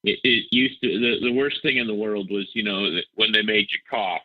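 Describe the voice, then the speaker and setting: A man's voice: lowish voice, brisk, dry recording. A middle-aged man from Ohio, a musician guest chatting in an interview, with a somewhat nasal voice. He rambles and repeats words, mocking himself with dry humor. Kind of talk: casual interview chat. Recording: dull dry phone-like audio.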